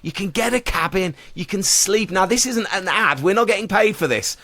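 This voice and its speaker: A man's voice: high-pitched, moderate pace, sharp tone, no echo. A man co-hosting a casual podcast, eagerly quizzing the others. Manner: enthusiastic, quizzing. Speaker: podcast co-host. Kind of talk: casual chat. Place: podcast cabin.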